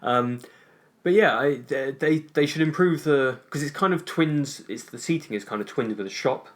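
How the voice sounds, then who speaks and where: A man with a British accent, co-hosting a podcast in relaxed chat, laughing often and using lots of fillers. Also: fairly high pitch, normal speed. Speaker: podcast co-host. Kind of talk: casual chat.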